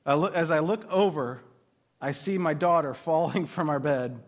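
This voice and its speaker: A man's voice: a little high, moderate pace. Man in his thirties, storytelling faith talk. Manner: warm, rambling storyteller who laughs at himself. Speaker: speaker at a Christian mothers' gathering. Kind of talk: faith talk told as personal stories.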